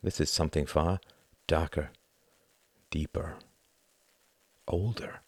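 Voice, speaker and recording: A man's voice: rumbling low, steady tone, slow pace, breathy edge, no room sound, exaggerated voice. A man voicing a troubled young observer in an audiobook, speaking in a subdued, uneasy way.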